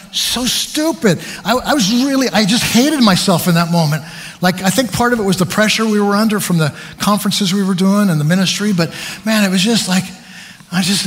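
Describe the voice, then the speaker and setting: A man preaching a sermon, telling stories about himself with animated, self-deprecating humor. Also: high voice, in a large hall.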